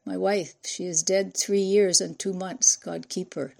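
A woman reading an audiobook voices a wary Greek man who speaks haltingly and fearfully. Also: high voice, steady tone, creaky, darkish tone.

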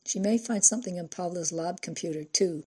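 A measured older woman speaks in low, precise, unhurried sentences, as a woman narrator puts her on. Her voice is husky and warm, with a soft authority. It is an audiobook reading.

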